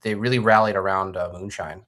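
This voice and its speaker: A man's voice: low-pitched, fairly even intonation, a little fast, fairly bright tone. A man guesting on a podcast, chatting casually and enthusiastically about his own comics over a video call, rambling a little. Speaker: guest, comic book creator. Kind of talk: casual chat.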